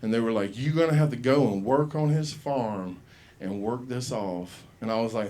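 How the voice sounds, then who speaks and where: A man's voice: mid-range voice, lively intonation, moderate pace, a little mellow. A man telling a profane story as a stand-up comic at an open mic, acting out the people he quotes. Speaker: stand-up comedian. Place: comedy club stage.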